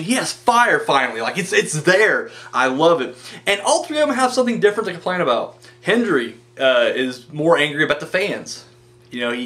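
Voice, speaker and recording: A man's voice: a little high, fairly bright tone. A man casually reviewing a wrestling show, rambling and enthusiastic, swearing freely and acting out the wrestlers' lines in mock voices. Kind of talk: casual video review commentary.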